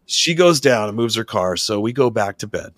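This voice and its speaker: Man, casual storytelling, profane, lively pitch, dry close sound. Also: normal speed, no room sound. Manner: profane, animated, acts out quotes loudly. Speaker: podcast guest telling a story.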